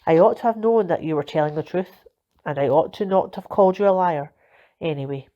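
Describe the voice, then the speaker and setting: A woman's voice: fairly low pitch, expressive, fairly quick, lightly acted. A woman voicing a mild, apologetic middle-aged uncle in a storybook reading, earnest and contrite. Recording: dull lo-fi recording.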